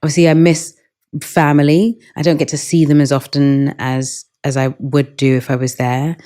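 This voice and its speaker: A woman with a London English accent, a guest in an interview, speaking in a thoughtful, measured way. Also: low-pitched, little pitch movement, mellow. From England. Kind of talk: conversational interview.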